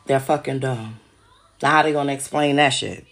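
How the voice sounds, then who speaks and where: Gravelly-voiced woman ranting, profane and agitated. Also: rumbling low, moderate pace. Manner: agitated, profane, repeats herself. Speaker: podcast host. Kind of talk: casual monologue to listeners. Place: home.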